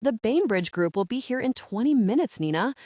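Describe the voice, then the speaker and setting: A woman's voice: a little high, animated, fairly quick, warm tone, no room sound, studio quality, pitched above the performer's own voice. A woman voicing a condescending male office boss who sneers in an audiobook. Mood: sneering. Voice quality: sarcastic, sneering.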